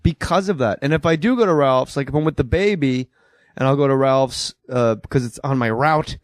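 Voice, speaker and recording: A man hosting a comedy podcast in casual chat, animated and quick to slip into impressions. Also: medium pitch, no echo. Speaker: podcast host.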